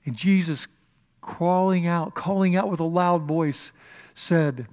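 A male pastor preaching an impassioned sermon at a church service, swinging from loud declarations to hushed whispers. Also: a little high, slow pace, clean tone.

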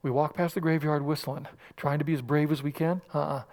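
A man delivering a sermon in a slightly high voice. He moves from soft, intimate asides to forceful, loud declarations. The room gives a long, echoing reverb. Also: fairly quick. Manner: animated, swinging from hushed to loud. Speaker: pastor.

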